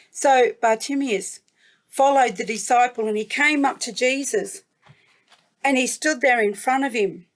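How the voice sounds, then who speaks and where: Aussie lady telling a kids bible story, slow and gentle, slightly high voice. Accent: Australian. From New South Wales, Australia. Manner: gentle, slow, warmly emphatic. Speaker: guest storyteller.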